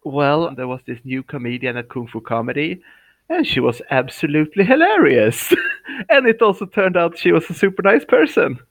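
A man's voice: a little high, animated, normal speed, no echo, rough recording. A man from Sweden, a professional clown who chats cheerfully and laughs often as a guest on a remote call.

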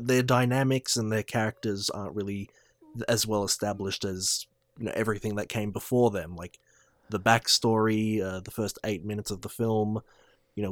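Low-voiced man discussing a film. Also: dry recording, studio quality. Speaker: film podcast co-host. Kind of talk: casual film review chat.

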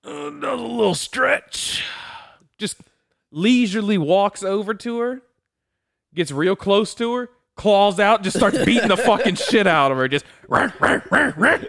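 Young guy on a podcast, crude and animated, acts out voices in his stories, dry close mic. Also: sits high, unhurried, gravelly, no echo. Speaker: podcast co-host. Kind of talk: casual chat.

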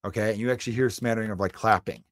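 This man, a comedian from Chicago, USA, hosts his own podcast and rants with strong opinions and emphasis. He talks rapid-fire in a voice on the low side, keeping a steady tone. The clean studio recording has no room sound.

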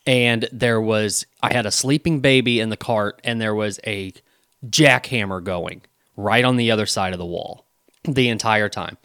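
Wry, easygoing young dad. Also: male voice, on the low side, no room sound, clean studio sound. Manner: relaxed, wry storyteller who laughs easily. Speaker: podcast co-host. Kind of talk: casual chat.

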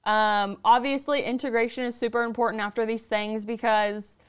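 Female podcast host, high clear voice, chatty and foul-mouthed. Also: normal speed. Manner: profane, lively storyteller. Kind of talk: casual podcast chat.

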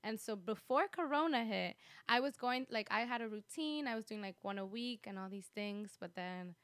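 A woman's voice: on the high side, lively intonation, moderate pace, a bit bright, dry recording. A woman guest on a podcast, chatting casually, laughing often and filling her sentences with "like". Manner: chatty, giggly, lots of fillers like "like".

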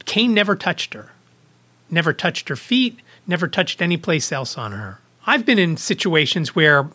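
A man's voice: a little high, sharp tone. A man hosting a podcast, casually retelling a personal anecdote with small restarts. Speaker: podcast host. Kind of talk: casual storytelling vlog.

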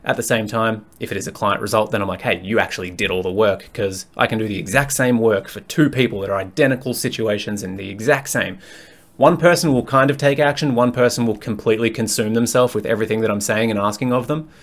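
A male fitness coach hosting his own podcast, speaking in a somewhat low voice. He talks frankly and bluntly, swears freely, and rambles in a loose, conversational way, as if thinking out loud. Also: quick pace. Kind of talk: candid solo podcast monologue.

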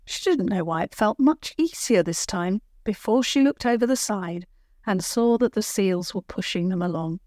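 A woman narrating a children's storybook in a gentle, clear read-aloud manner. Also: mid-range voice, lively intonation, normal speed, no room sound, clean studio sound.

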